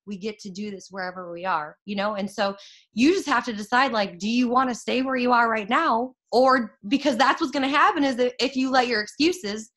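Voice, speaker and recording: A young woman with a medium-pitched voice excitedly tells her followers about her network marketing success in a chatty motivational talk brimming with fillers and laughter.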